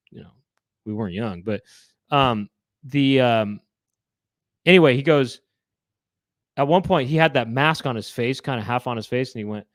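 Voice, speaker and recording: With no echo on the recording, this mid-range male voice belongs to a co-host in his forties on a laid-back chat show. He tells stories in a meandering way, constantly interrupting himself.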